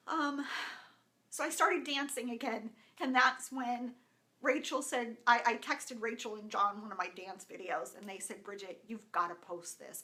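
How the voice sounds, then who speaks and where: A woman in her thirties sharing a personal testimonial, emotional and animated, acting out quoted dialogue with many restarts. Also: a little high. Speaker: wellness vlogger.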